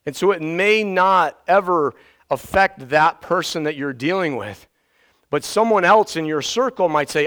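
A man preaching a sermon as pastor, animated, swinging from soft asides to loud outbursts and getting out of breath. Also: a little high, measured pace. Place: church sanctuary.

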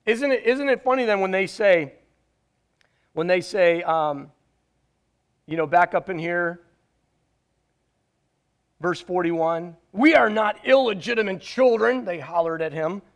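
High-voiced man preaching emphatically. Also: clear, resonant tone. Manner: emphatic, conversational, with dramatic pauses. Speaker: pastor. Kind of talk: sermon.

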